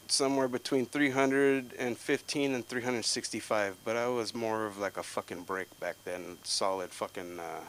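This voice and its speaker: A man's voice: on the low side, rough recording. Brief: man, stand-up comic at an open mic, rambling and foul-mouthed, with faint background noise. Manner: profane, rambling storytelling, loud outbursts for quoted people. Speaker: stand-up comedian. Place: comedy club stage.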